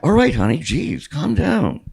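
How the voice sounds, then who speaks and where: A man's voice: fairly high pitch, wildly swooping pitch, unhurried, vocal fry, darkish tone, slightly rough, pitched above the performer's own voice, full character voice. A man voicing a distracted, evasive mother with an airy, dismissive manner in a memoir reading.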